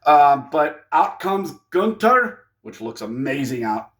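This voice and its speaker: Brief: high-pitched male reviewer, casual monologue, excitable, jokey. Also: slow pace. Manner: excitable, jokey, acts out wrestlers' lines. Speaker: wrestling reviewer.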